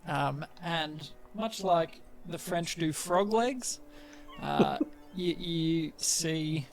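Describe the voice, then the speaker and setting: A man's voice: a little high, drawn-out words, faint music behind. A man narrating as game master, hesitant with lots of fillers.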